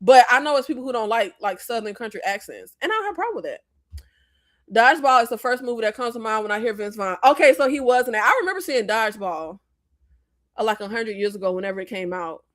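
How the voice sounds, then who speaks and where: A woman raised in the American South hosts a relaxed movie livestream, with a bright, high-set voice. She rambles through her opinions, laughs often, and keeps breaking off to apologize. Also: fast talker. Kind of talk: casual livestream chat.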